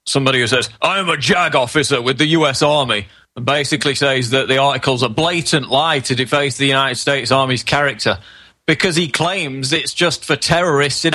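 Male guest on a video call, bright and forceful, indignant. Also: medium pitch. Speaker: guest researcher. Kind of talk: call-in interview.

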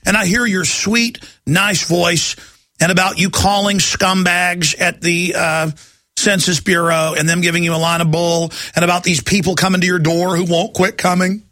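A man's voice: sits high, level tone, normal speed, sharp tone, dry recording. A middle-aged man hosting a talk radio show, ranting in a heated, agitated monologue.

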